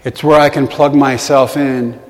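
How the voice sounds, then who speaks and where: A man's voice: mid-range voice, steady tone, unhurried. Earnest man telling a story, echoing hall. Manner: earnest, self-deprecating storytelling with quiet emotional dips. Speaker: motivational speaker. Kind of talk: storytelling talk to a live audience. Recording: long hall reverb.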